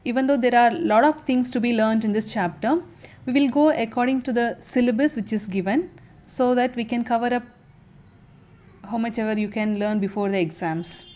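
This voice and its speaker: A young woman teaches an exam revision lesson, patient and methodical, and recaps each point. Her voice sits slightly high. She often pauses on "so" and "okay" before the next step. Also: a little mellow.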